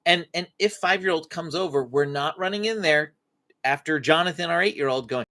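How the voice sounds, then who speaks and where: A woman's voice: on the low side, animated, brisk, fairly bright tone. A woman hosting a faith-based parenting Q&A live stream, acting out short parent-child dialogues as she teaches.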